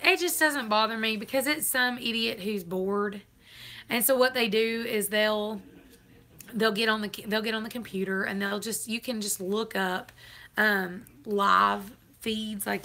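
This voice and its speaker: A woman's voice: medium pitch, bright, forceful tone. A woman chatting casually on a live stream, laughing often. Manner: chatty, laughs often, Southern turns of phrase.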